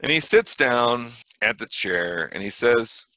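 A man running a tabletop game as game master from home over a video call, relaxed, with fillers and dry asides. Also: mid-range voice, measured pace, dry recording.

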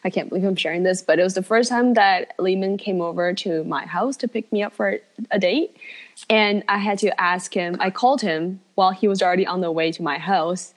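A woman co-hosting a casual podcast, chatting candidly and reacting quickly to her co-host. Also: medium pitch. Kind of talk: casual chat.

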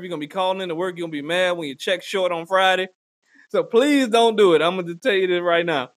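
A man with a high-pitched voice delivers a profane comedic rant, talking bluntly and crudely to his listeners as if handing out advice. The sound is dry and close, with no room echo. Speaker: comedic ranter.

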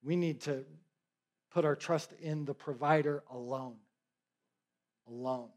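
Middle-aged preacher guy, kinda high voice, jokes around and keeps asking the crowd "right?". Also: measured pace, darkish tone. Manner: joking asides, checks in with the crowd. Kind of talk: conversational sermon.

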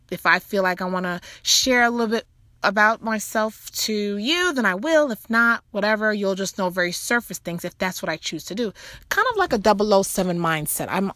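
A woman's voice: medium pitch, a bit bright, no room sound. A woman talks to her viewers in a loose, chatty way, circling back with "you know" and restarting her thoughts as she shares a faith-based personal story. Her voice sits in an ordinary middle range and lifts animatedly as the story builds. The sound is dry and close, with almost no room around her. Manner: chatty, rambling, full of "you know" asides. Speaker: mother sharing a faith talk.

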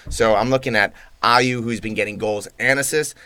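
Bright-voiced man in casual soccer podcast banter. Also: medium pitch, fairly even intonation, normal speed, smooth, dry recording. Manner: rattles off fixture lists, laughs easily. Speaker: podcast co-host.

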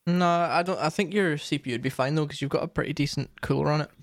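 A man's voice: fairly high pitch, fast talker, dry recording, clean studio sound. A young man chatting casually as a streamer, rambling with lots of fillers and restarts. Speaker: streamer and co-host. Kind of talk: casual chat.

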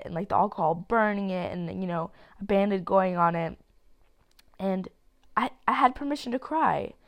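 A nineteen-year-old woman talking alone on her podcast, thinking out loud. She rambles through tangents with lots of fillers and casual swearing. Her voice has a gravelly, fry-tinged edge and sits at a middle pitch, and she sounds like she is getting over a cold. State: sick with a cold. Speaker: podcast host. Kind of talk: solo podcast monologue.

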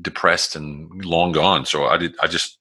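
A man's voice: sits low, fairly even intonation, a little slow, bright, forceful tone, husky. A man in his forties, a guest telling his life story in casual, blunt, rambling talk with plenty of swearing and acted-out quotes. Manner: frequent restarts and fillers, acts out quotes.

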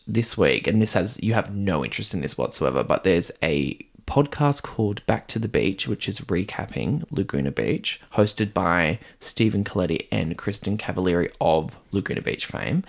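Aussie guy podcast co-host, gravelly voice, dry campy gossip, lots of ups and downs. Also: deep voice. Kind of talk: casual pop-culture chat.

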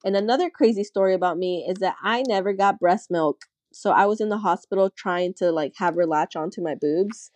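Candid young woman with a warm, mellow voice. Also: mid-range voice, a little fast, hardly any pauses, dry recording. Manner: candid storytelling, acts out quoted voices, frequent "like". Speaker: podcast guest. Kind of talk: casual chat.

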